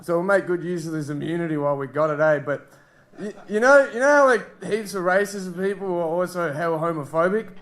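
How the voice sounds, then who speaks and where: A young Australian man doing stand-up with a high-pitched voice that rambles crudely and breaks into laughter at his own lines. He is heard from a little way off the mic. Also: brisk, fairly bright tone. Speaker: stand-up comedian. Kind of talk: stand-up comedy set. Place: live comedy club stage.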